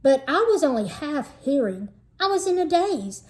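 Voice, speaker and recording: A woman, a teacher, reading a children's novel aloud in a lively storytelling manner. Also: high voice, moderate pace. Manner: lively storytelling, shifts into character voices. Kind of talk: expressive read-aloud narration.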